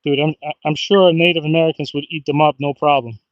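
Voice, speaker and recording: A man chatting casually on a fishing livestream outdoors, excitable and talkative, often bursting into whoops and laughs. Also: fairly high pitch, fairly quick, no echo, dull audio. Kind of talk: casual live-stream chat. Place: outdoors by the water.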